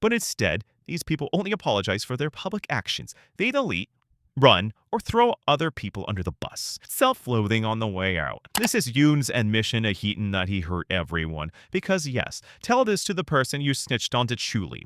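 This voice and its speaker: A man's voice: on the low side, wildly swooping pitch, normal speed, no room sound, studio quality. Furious, swearing man ranting. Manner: furious, cursing, emphatic. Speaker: video creator. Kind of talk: angry personal rant.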